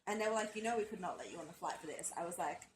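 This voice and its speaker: A woman's voice: on the low side, expressive, racing, low-quality recording. A young woman from Australia co-hosting a podcast, telling a story in casual chat, swearing often and acting out quotes. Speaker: podcast co-host.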